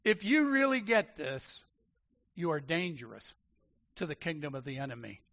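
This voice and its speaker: Preacher, male, bright and forceful, slightly higher voice, dull lo-fi recording. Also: normal speed. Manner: emphatic and animated, swinging from loud declarations to quiet asides. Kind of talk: sermon. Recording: dull lo-fi sound.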